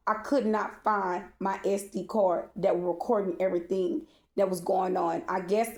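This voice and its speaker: A woman's voice: mid-range voice, a little mellow. A woman telling a personal story in a casual storytime monologue, blunt and profane, often checking in with "okay?". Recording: echoey room.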